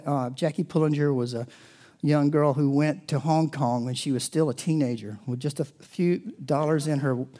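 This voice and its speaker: A middle-aged man preaching a sermon, telling stories in a loose, conversational way. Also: mid-range voice. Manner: storytelling, conversational and animated. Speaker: pastor.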